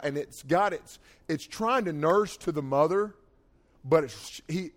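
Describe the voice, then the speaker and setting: A middle-aged man, preaching a folksy youth sermon. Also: fairly high pitch. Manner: folksy storytelling, rises and drops in loudness. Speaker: youth pastor.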